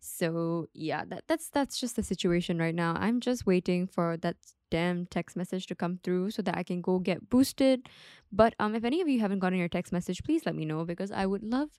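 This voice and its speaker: A woman's voice: on the low side, expressive, normal speed, darkish tone, no echo, studio quality. A young woman hosting her own podcast, rambling casually with lots of "like" and asides. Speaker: podcast host. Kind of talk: casual solo podcast chat.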